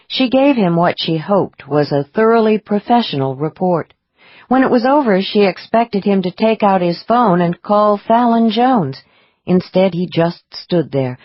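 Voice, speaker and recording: A woman reading audiobook narration in a measured, expressive way. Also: lowish voice, no room sound, highs cut off.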